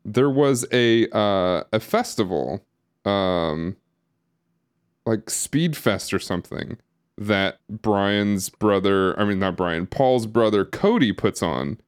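A man with a low voice co-hosts a casual podcast, his pitch swinging around animatedly. He rambles and trails off, hedging with fillers and restarting sentences. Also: lively intonation, slow, clean tone. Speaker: podcast co-host. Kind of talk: casual chat. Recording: live stream podcast recording.

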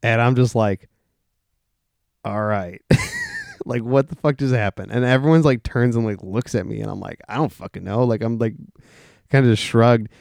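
A man's voice: mid-range voice, moderate pace, vocal fry, long pauses, darkish tone, dry recording. A young man hosting a casual solo podcast, rambling with many fillers, restarts and the odd swear word. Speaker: podcast host.

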